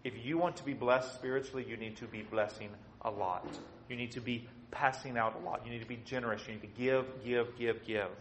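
A man preaching an expository sermon, swinging between soft and loud and acting out quotes. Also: mid-range voice, fairly even intonation, brisk, hardly any pauses, echoey room, slight background noise, poor audio.

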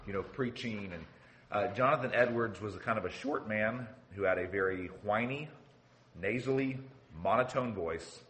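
A man's voice: lowish voice, moderate pace, fairly bright tone, slight background noise. A man preaching a sermon in an earnest teaching manner, often repeating words as he builds a point and checking in with "okay". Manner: often says "okay" as a signpost.

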